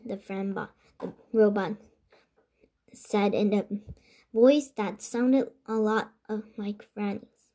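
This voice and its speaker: A woman whose first language is Korean reading a children's chapter book aloud, halting and restarting words as she goes. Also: mid-range voice, mellow. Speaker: reader.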